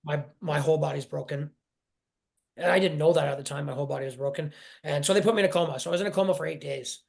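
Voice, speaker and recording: A man in his forties telling his personal story in an interview, halting and emotional, often restarting his sentences. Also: a little high, creaky, a little mellow. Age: 40s. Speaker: guest.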